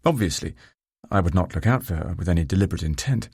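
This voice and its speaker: Man, audiobook narrator, very low voice, husky, measured, wry. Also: lively intonation, darkish tone, no room sound, clean studio sound. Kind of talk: first-person novel narration.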